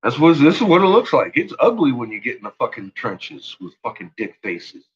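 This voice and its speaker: A man hosting a livestream in a casual, profane rant, laughing often and swinging from low mutters to loud shouting. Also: sing-song, fairly quick, slightly rough, highs cut off. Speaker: livestream host.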